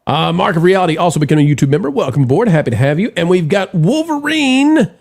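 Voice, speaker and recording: With a high voice that swings widely in pitch, a quick pace, some creak and a touch of mellowness, a man runs a casual live stream. He rambles while reading out viewer messages, stumbling through fillers and restarts.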